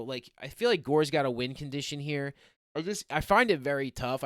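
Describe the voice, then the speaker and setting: A young man talking through fight predictions in a loose, rambling way, full of fillers and restarts. His voice is smooth and clear, with a mid-range pitch. The sound is dry and close. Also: a bit bright, no room sound. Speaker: MMA picks podcaster. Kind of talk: casual fight preview and predictions.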